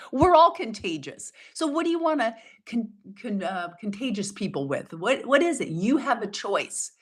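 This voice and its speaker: This coach of a self-help challenge has a slightly high, sing-song voice that is a little slow and slightly rough. She gives motivational coaching talk in an upbeat, emphatic way, laughing often and acting out other people's words.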